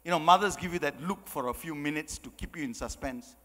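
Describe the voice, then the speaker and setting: A high, lively male voice bounces through the story, bright and forceful in delivery. He acts out each line of dialogue as he goes. The sound carries the long reverb of a large hall. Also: brisk. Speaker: speaker. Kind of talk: storytelling in a motivational talk.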